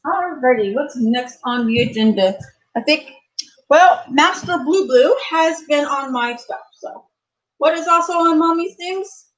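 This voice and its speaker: A woman with a somewhat high voice chats casually through a live cooking stream. She narrates each step out loud, talking half to her viewers and half to herself while she works in a home kitchen. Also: low-quality recording. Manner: chatty, talks to herself while cooking, sings and playfully whines. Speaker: cooking channel host.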